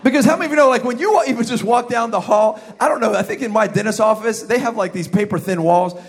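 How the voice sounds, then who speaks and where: A young pastor with a high, light voice preaches to his congregation in a lively, comic style. He mimics noises, jokes, then builds to shouted emphasis. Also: fast. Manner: animated storytelling with sound effects and shouted emphasis. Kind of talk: comedic sermon. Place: church service with live congregation.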